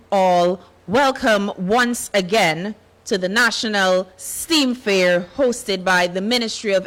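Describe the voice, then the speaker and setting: A woman serving as master of ceremonies, announcing in a formal, steady cadence. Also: medium pitch.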